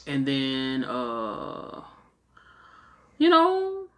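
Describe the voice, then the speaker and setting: A woman's voice: rumbling low, drawn-out words. A young woman casually telling a travel story, swearing freely and acting out what people said. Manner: animated, swears freely, acts out quotes.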